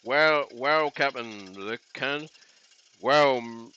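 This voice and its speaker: A man voicing a gruff ship's engineer in a low, halting, put-on Scottish accent, over a dull live stream. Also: bright, forceful tone. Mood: strained. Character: gruff Scottish ship engineer under strain.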